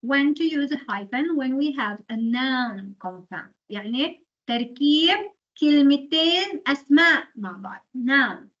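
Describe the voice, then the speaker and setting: High-voiced woman lecturer, muffled recording. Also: expressive, brisk, fairly bright tone. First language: Arabic. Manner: switches between English and Arabic, explains rules step by step. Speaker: English translation lecturer. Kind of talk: university lecture.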